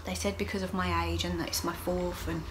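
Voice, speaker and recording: Mum chatting in her vlog, lowish voice, open and emotional, bit of faint hiss behind. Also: little pitch movement, brisk. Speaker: vlogger. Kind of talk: casual video diary chat.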